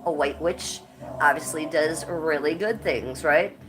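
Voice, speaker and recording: A woman's voice: sits low, a little slow, music in the background. A woman hosting a casual livestream, blunt and profane, her voice stuffed up from a cold, with coughs between her lines. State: congested and coughing. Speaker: livestream host.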